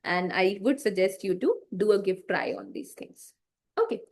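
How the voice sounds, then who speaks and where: A woman's voice: mid-range voice, expressive, moderate pace, darkish tone. A woman teaching public speaking to children in an online class, encouraging and chatty, with many fillers and tongue twisters said aloud.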